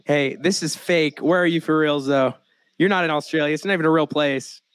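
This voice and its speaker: A man's voice: a little high, a little fast, fairly bright tone, no echo. A young American man hosting a casual podcast, joking around and laughing often. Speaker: podcast host.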